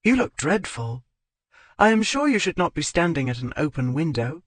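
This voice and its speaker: A man's voice: on the high side, big pitch swings, moderate pace, dry recording. A man voicing a spirited, impulsive young country woman in an audiobook, raising his voice into her earnest, wavering pleas. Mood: urgent. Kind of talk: audiobook character voice.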